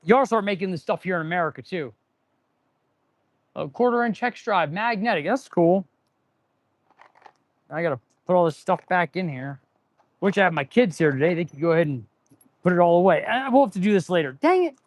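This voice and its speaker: A man with a high, animated voice talks fairly quickly, pausing often, with no room sound in the recording. He runs a repair shop and hosts a casual live stream from inside it, rambling and ranting sarcastically, restarting sentences often, and talking with his hands on his tools.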